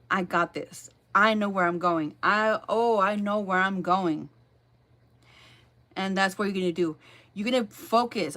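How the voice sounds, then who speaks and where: A woman giving a casual tarot reading, excitable and emphatic, repeating her phrases and swearing freely. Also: mid-range voice. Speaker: tarot reader.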